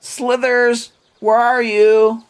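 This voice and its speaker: A man voicing a frightened little halfling girl in a tabletop game, squeaky and startled. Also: flat delivery, very slow, smooth, heavily acted. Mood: worried.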